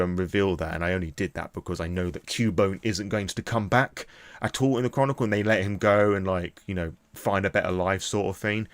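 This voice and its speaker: A young British man with a fairly low voice, excitedly recapping a tabletop game he ran as game master. He rambles, peppering his talk with fillers. The sound is dry and close, with no room echo. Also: brisk. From Britain. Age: young adult. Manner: rambling, filler-heavy, enthusiastic. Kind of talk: casual recap of a tabletop session.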